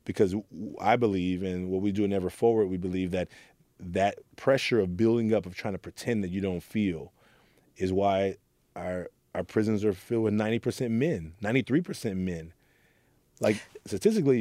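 A man's voice: lowish voice, normal speed, dark tone, dry recording. A middle-aged man from Oakland, a youth mentor, earnestly telling his story in an interview and acting out quoted lines. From Oakland, California. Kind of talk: reflective interview talk.

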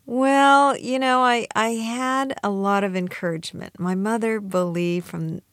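A woman's voice: fairly high pitch, fairly even intonation, measured pace, no room sound, clean studio sound. A middle-aged woman, an author being interviewed, telling reflective stories and acting out the voices she quotes. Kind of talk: radio interview conversation.

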